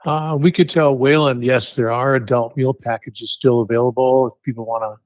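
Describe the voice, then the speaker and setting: A man's voice: mid-range voice, steady tone, fairly quick, darkish tone, no room sound. A man with a mid-range voice joins a radio program as a guest. He chats casually and tells his stories in an easygoing way. The recording is dry and close. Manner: easygoing storyteller, chuckles at his own hunting tale. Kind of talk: casual radio chat, storytelling.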